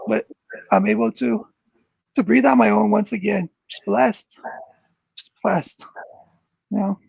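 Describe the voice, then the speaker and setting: A man's voice: creaky, breathy edge, no room sound. A man speaking earnestly as an interview guest, searching for words and restarting often. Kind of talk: reflective interview talk. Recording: dull muffled low-fidelity sound.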